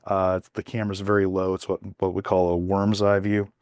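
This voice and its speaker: A man co-hosting a podcast in casual chat, talking in a halting way with many fillers and restarts. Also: low-pitched, level tone, a little mellow, no room sound. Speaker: podcast co-host.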